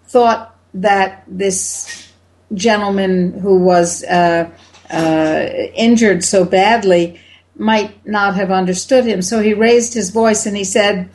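A woman in her seventies, a doctor as interview guest, telling lively anecdotes. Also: mid-range voice. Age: 70s. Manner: lively anecdotes, mimics shouting voices. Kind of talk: interview storytelling.

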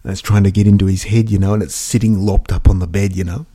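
Chatty man with a husky voice. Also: fairly low pitch, steady tone, fast talker, mellow. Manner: chatty storyteller, frequent "you know" asides; amused, chuckles while talking. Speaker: vlogger. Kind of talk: casual rambling monologue.

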